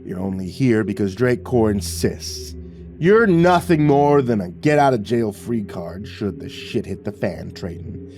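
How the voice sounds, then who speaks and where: A man's voice: on the low side, lively intonation, measured pace, a little mellow, faint music behind. A man voicing a domineering, sneering military commander who barks orders and mocks. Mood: menacing. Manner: barking orders, mocking.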